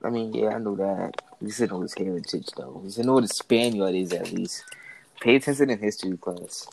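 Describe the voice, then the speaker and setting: A man's voice: fairly low pitch, fairly quick, vocal fry, a little mellow, slight background noise, rough recording. A man co-hosting a casual podcast chat, teasing and arguing with his friends. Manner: teasing, argumentative. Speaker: co-host.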